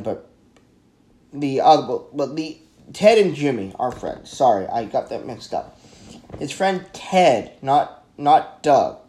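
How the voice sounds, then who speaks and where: Man, casual horror movie review, excitable, rambling, trips over words, a bit high-pitched. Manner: excitable, rambling, stumbles and corrects himself.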